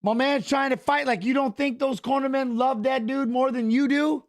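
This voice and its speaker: A middle-aged man hosting a fight watch-along, talking casually in an animated, rambling way and often repeating his phrases. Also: extremely high pitch, normal speed. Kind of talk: casual live fight commentary.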